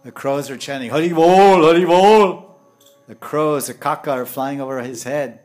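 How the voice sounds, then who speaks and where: Man, devotional storyteller, mid pitch, swings between hushed and loud, Hindi and Sanskrit words. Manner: animated, acts out voices and laughter, swings from hushed to loud; Sanskrit and Hindi terms woven into English. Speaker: spiritual teacher.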